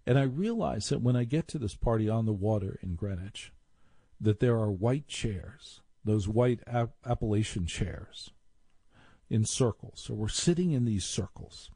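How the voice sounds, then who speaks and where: A man's voice: lowish voice, lively intonation, a little slow, dark tone, slightly rough, dry recording. A man telling a wry personal story, now and then mimicking snobbish voices.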